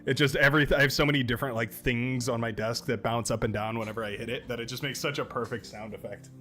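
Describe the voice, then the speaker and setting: A man's voice: mid-range voice, fairly even intonation, fast talker, fairly bright tone. A man streaming a game live, chatting casually and grumbling about his own play. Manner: self-critical, grumbling, chatty.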